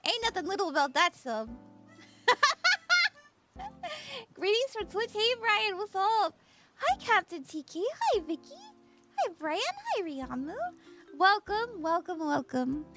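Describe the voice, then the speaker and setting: A woman's voice: extremely high pitch, lively intonation, unhurried, loud music behind the voice. A bubbly, giggly woman chatting casually with her livestream audience as a tarot reader, just woken up. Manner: bubbly, giggly, greets chat by name. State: just woke up.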